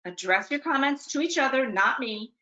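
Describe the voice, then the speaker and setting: A woman's voice: high voice, animated, normal speed, bright, forceful tone, dull audio. A woman presenting a webinar talk for parents, talking conversationally with dry, self-mocking humor and often checking in with "okay?". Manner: conversational, punctuates points with "okay?".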